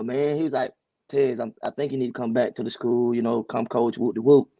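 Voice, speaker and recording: A man who coaches high school sports, telling his story as a guest in a casual interview, relaxed and often restarting his sentences. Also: brisk, dull audio, noisy background.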